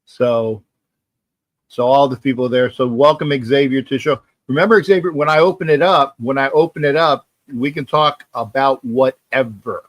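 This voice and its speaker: A man with a mid-range voice hosts a live sports talk stream at normal speed, with no echo. He chats casually, reads out viewer comments, rambles, and repeats himself often.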